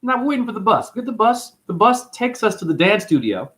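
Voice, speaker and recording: A man with a high voice talks fast while hosting a livestream. He's an excitable, rambling storyteller who answers comments and swears freely as he goes.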